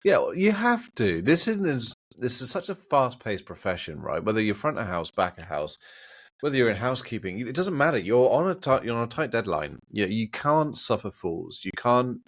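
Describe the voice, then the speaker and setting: A man's voice: medium pitch, moderate pace, no room sound. A middle-aged man with an English accent, a guest in a casual interview, telling stories with laughter and acting out the voices of people he quotes. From England. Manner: animated, laughs often, acts out quoted voices.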